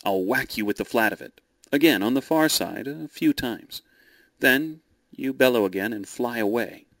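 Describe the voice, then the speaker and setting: A man's voice: mid-range voice, animated, moderate pace, gravelly, fairly bright tone, dry recording. A man playing a breezy scheming knight. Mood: brisk, plotting.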